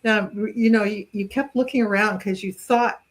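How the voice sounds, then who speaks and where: A woman's voice: medium pitch, steady tone, moderate pace. A woman from Canada, a talk-show host, telling anecdotes in a casual, self-deprecating way. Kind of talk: casual chat.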